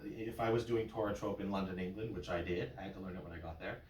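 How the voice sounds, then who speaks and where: A man's voice: sits low, quick pace, darkish tone, a little hiss or hum. A man working as a cantor, teaching a small class with playful memory tricks and short sung examples. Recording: roomy and from far off.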